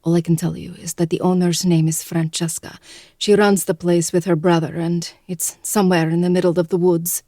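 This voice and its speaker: A man's voice: sits high, level tone, normal speed, dark tone, no echo, studio quality, voice pushed up, natural voice. A man voicing a guarded young Russian woman with a heavy Russian accent, speaking bluntly in an audiobook reading. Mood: steady.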